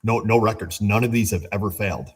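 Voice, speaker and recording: A man who runs an auto repair shop tells a story in a casual, animated, exasperated way and swears as he rants. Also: fairly low pitch, fast, husky. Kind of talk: casual shop vlog rant.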